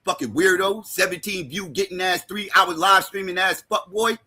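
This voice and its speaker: Sharp-voiced man ranting, raspy. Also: sits high, moderate pace, soft background music. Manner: heated, mocking, often shouting. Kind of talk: profane roast rant.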